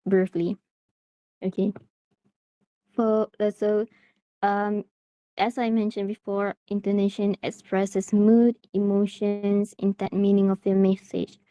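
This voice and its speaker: Mellow-voiced woman teaching online. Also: mid-range voice, no room sound. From Malaysia. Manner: hesitant, many fillers and restarts. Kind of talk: online class instruction. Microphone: video call.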